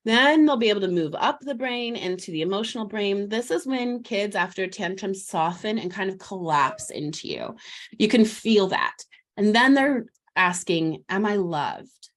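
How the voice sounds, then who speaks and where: A woman guest in a parenting interview, explaining child development in lively, talkative bursts, often slipping into a gentle voice to model what a parent says to a child. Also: mid-range voice, normal speed. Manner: animated, warm explaining, acts out soothing words to a child; frequent restarts and fillers, laughs lightly.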